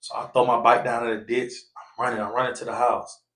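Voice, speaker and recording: A man telling a story on a casual podcast, acting out the people he quotes in loud, raised voices. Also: mid-range voice, fast. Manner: animated, acts out quoted voices loudly. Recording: echoey room.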